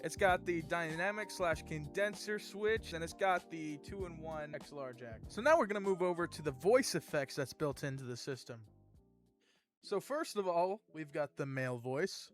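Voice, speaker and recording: A man's voice: a little high, lively intonation, normal speed, faint music behind. A young man hosting his own channel, chatting casually through an upbeat product review. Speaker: gear reviewer, channel host.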